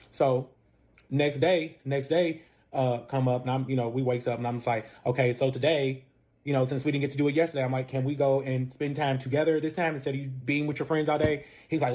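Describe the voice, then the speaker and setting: A man telling a story in a casual, animated way, with lots of swearing and acted quotes. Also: mid-range voice, brisk. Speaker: storyteller guest.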